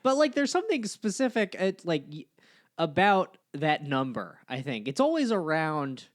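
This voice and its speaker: A man's voice: on the high side, very animated, moderate pace. A man hosting a podcast, chatting casually and teasing his guest with sarcasm. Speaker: podcast host.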